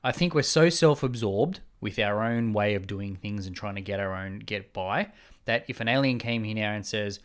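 A man's voice: fairly low pitch, normal speed, clean tone. A man in casual conversation, arguing and speculating in long run-on points. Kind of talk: casual chat.

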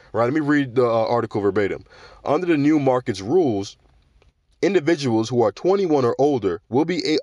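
A man's voice: medium pitch, no room sound. A man hosting a podcast, talking in a casual, slangy and emphatic way, with frequent restarts. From New York. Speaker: podcast host.

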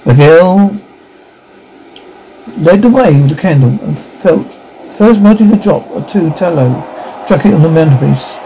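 Man narrating a storybook, gravelly, mellow tone, a bit higher pitch. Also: unhurried, pauses often, slight background noise, low-quality recording. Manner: steady reading with small slips. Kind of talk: storybook narration read aloud.

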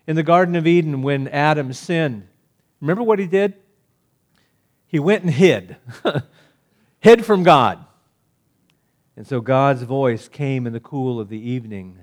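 A man preaching a sermon, swinging between loud emphatic declarations and hushed, gentle appeals. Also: mid-range voice, a little slow, pauses often.

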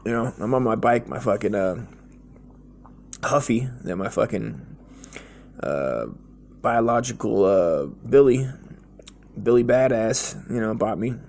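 A man's voice: on the low side, animated, a little slow, vocal fry, pauses often, a little mellow. An American man giving a rambling, profane comedic monologue, blunt and crude, peppering his talk with slang like "dude". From United States.

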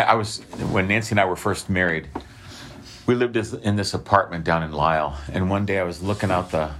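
Over background noise, a deep-voiced man preaches a conversational sermon. He keeps restarting sentences and checks in with his listeners, asking "okay?" again and again.

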